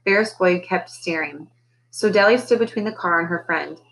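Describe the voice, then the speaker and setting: A woman's voice: lowish voice, normal speed, a bit bright, rough recording. A woman teacher reading a children's novel aloud, lifting her voice for the characters' lines. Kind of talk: storybook read-aloud.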